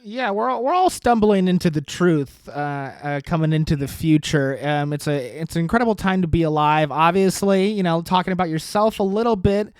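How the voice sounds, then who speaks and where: A man hosting a podcast, rambling through sardonic dark jokes in a casual monologue. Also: fairly high pitch, moderate pace, hardly any pauses, clear, resonant tone, no echo. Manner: sardonic, dark deadpan humor with rambling asides. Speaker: podcast host.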